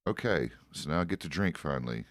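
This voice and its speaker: A man's voice: extremely low pitch, expressive, fairly quick, background noise. A middle-aged American man chatting casually and profanely while roleplaying in a game, chuckling often. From United States. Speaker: roleplay streamer.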